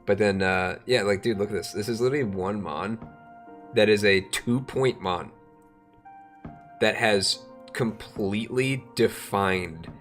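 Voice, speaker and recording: Low-voiced laid-back young man rambling. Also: unhurried, fairly bright tone, faint music behind. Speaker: podcast co-host. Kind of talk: casual chat.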